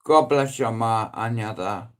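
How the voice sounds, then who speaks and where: A middle-aged man with a Dublin accent rambling on a casual live stream, swearing freely and breaking into loud emphatic outbursts. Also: fairly low pitch, a little slow, clear, resonant tone. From Ireland.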